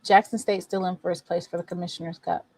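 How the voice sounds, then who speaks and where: Hosting a laid-back sports recap stream, a woman calls her viewers y'all and responds to the scores in exasperation. Her voice is on the low side and a little mellow, with flat delivery and a fast pace.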